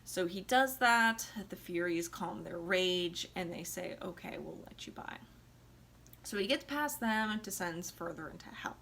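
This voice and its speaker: A woman's voice: lowish voice, expressive, unhurried, few pauses, a bit bright, slight background noise. Tipsy chatty woman retelling an opera. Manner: chatty, slangy, sarcastic asides. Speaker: vlogger reviewing opera. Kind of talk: casual comic retelling.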